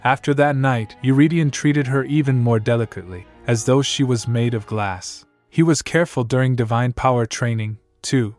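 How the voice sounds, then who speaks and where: A man narrating a story recap in a steady, plain storytelling manner on a close mic. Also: mid-range voice, moderate pace, few pauses, no echo, soft background music.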